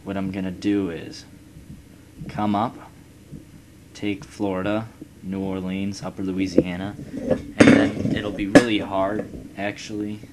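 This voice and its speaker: Young male let's-player, very low voice, loose and profane, noisy recording. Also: little pitch movement, takes it slowly, pauses often. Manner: rambling, profane, musing aloud. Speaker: let's play gamer. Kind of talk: casual gameplay commentary. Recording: loud background noise.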